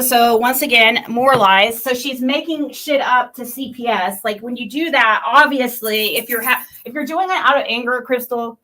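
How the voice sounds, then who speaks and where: High bright-voiced woman ranting heatedly. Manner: heated, swears a lot, swings between muttering and yelling. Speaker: vlogger reacting to online critics. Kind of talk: profane reaction rant.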